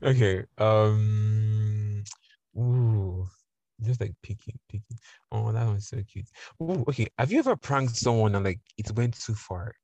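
A man's voice: lowish voice, dark tone, dry recording, muffled recording. Guy guesting on a podcast, laughs a lot, dead dry sound. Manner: laughs a lot, quick agreeing backchannels. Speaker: podcast guest, fellow host. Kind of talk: casual chat.

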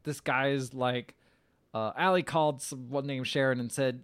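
A man's voice: medium pitch, fairly even intonation, normal speed, hardly any pauses, clear, resonant tone. A man co-hosting a podcast, casually retelling a movie's plot and acting out the characters' lines. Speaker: podcast co-host recapping a film. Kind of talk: casual chat.

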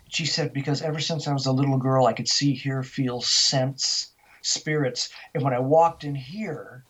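Older male guest, animated storyteller, husky tone, muffled lo-fi line. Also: medium pitch, normal speed. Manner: animated storyteller, acting out quoted voices. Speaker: interview guest. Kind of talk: storytelling in a radio interview.

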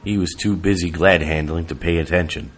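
A man narrating an audiobook in a steady, even reading voice. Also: sits low, brisk, a little hiss or hum.

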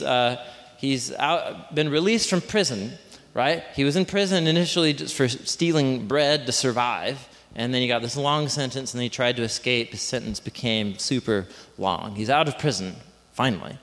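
A man's voice: medium pitch, normal speed, fairly bright tone. A man preaching a sermon in a conversational, joking way, often restarting his sentences. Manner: conversational, self-interrupting, joking with the room. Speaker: pastor. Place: church hall. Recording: reverberant hall.

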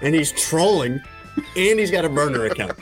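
A man hosting a sports talk show, teasing his guest and running through stats in a casual, lively way. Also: a little high, normal speed, faint music behind. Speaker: sports radio host.

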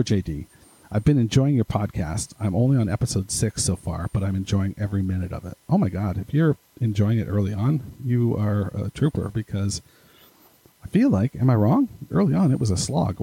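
Gravelly low-voiced male podcast host. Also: dark tone, rough recording. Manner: rambling, self-deprecating, chuckles at his own asides. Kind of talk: casual podcast, reading listener emails.

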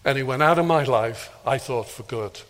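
A middle-aged man telling a humorous story at a conference, acting out the dialogue in a lively anecdotal way. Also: mid-range voice, moderate pace. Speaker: speaker at a prayer conference. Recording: long reverb of a large hall.

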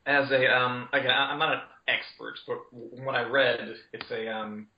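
A man's voice: medium pitch, fairly even intonation, normal speed. Male panelist, hesitant hedging delivery, roomy echo, dull muffled mic. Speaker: podcast panelist. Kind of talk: casual podcast chat.

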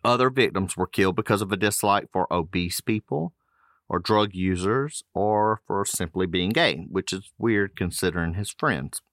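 A man's voice: sits low, normal speed, a bit bright, no room sound, studio quality. A man hosting a podcast, reading case notes aloud with loose casual asides. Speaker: podcast host.

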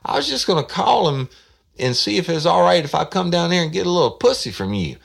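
A man voicing a pushy, vulgar male prank caller, loud and brash. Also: fairly high pitch, very animated, brisk, gravelly, slightly rough, pitched above the performer's own voice, heavily acted. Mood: brash, crude.

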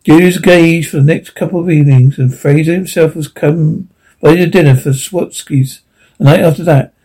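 A man narrating an audiobook in a steady storytelling manner. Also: on the high side, moderate pace, breathy edge, rough recording.

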